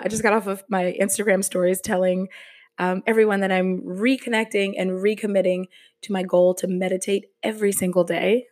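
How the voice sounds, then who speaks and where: Woman podcast host, motivational, slow and earnest, casual delivery. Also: medium pitch.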